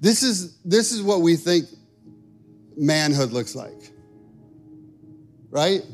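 A man's voice: on the high side, expressive, takes it slowly, pauses often, faint music behind. A man in his thirties preaching a sermon, telling stories with lots of fillers and building to emphatic calls. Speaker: pastor.

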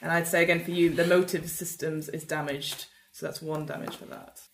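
A woman's voice: low voice, level tone, a little fast, gravelly. Playful woman running a tabletop game. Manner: playful, laughing, acts out voices. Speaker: game master. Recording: echoey room, faint noise.

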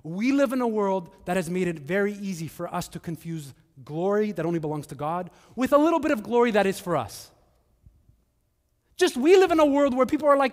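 A male pastor preaching a sermon, earnest, moving between hushed and emphatic. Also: high voice, animated, brisk, in a large hall.

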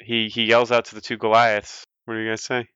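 A man's voice: medium pitch, completely flat delivery, a little fast, a bit bright, smooth, no echo, muffled recording. A man running a tabletop game as game master, narrating in a casual, rambling way.

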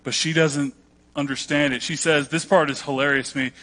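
A man's voice: fairly high pitch, steady tone, fairly quick, pushed and bright. A man pastor preaching a sermon, telling the story conversationally and acting out the quoted voices with a joking touch.

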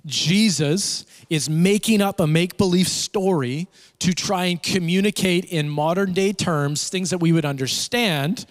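Man, pastor, sermon, high voice, emphatic repetition, church hall reverb. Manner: emphatic preaching with repeated phrases and rising intensity.

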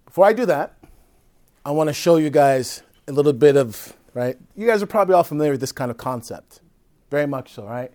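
A male priest teaching a group in a conversational way, often checking in with "right?" and dropping between loud emphasis and soft, low asides. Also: lively intonation, a little fast. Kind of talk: teaching talk to a live group.

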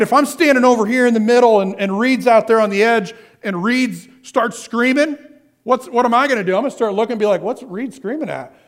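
High-pitched guy pastor preaching, asks the crowd stuff then answers it himself. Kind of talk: sermon.

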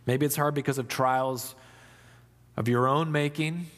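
Slow, reflective man preaching in a hall. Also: medium pitch, steady tone. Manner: slow, reflective, dramatic pauses, soft for emphasis. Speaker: pastor. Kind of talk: Easter sermon.

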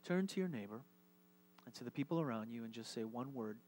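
Conversational pastor giving a live sermon. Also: male voice, medium pitch, lively intonation, darkish tone, a little hiss or hum. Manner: conversational, with halting repeated words. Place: church service with congregation.

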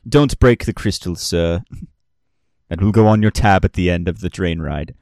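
A man's voice: low-pitched, moderate pace, creaky, a little mellow, no room sound, clean studio sound. A man voicing a stiffly polite male train bartender who calls everyone sir, during a tabletop game. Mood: prim politeness. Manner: formal, deferential, says sir after every line. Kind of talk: tabletop role-play voice.

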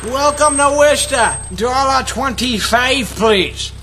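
A man playing a toll booth worker, very high, bratty, yelling, noisy. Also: slow pace, exaggerated voice. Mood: mock cheerful. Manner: yelling insults, brash local bluster. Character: crude toll booth man, loud and foul-mouthed.

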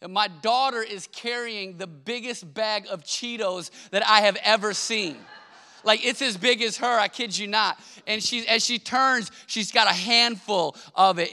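A man's voice: high voice, bright, forceful tone, clean tone, in a large hall. A man in his thirties, a pastor, preaching a conversational sermon and telling stories in a self-deprecating way.

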